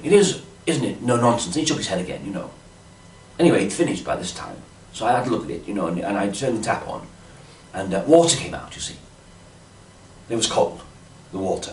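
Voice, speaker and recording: A man's voice: lowish voice, echoey room, far from the mic, a little hiss or hum. A man telling a rambling comic monologue in a dotty, fussy manner, full of "you see" asides. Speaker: comic storyteller.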